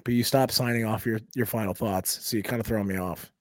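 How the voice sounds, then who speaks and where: Male podcast host, quick and wired, teasing his co-hosts, dry close-mic sound. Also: fairly low pitch, fairly even intonation, dry recording. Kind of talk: casual podcast chat.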